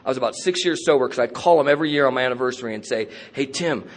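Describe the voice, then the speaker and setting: A man's voice: medium pitch, rapid-fire. A man speaking at a recovery convention, telling his story candidly with streetwise slang and self-mocking humor. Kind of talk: personal recovery talk.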